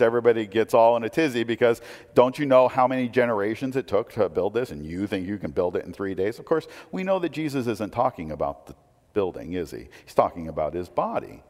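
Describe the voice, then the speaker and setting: In a large hall, a male pastor with a mid-range voice preaches conversationally, asking rhetorical questions. He swings between loud emphasis and quiet asides.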